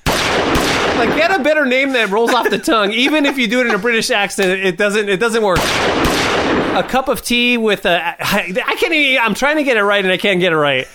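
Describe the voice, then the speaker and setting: A man's voice: sits high, expressive, brisk, background noise. A man hosting a podcast in loose, joking banter, laughing often. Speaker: podcast host.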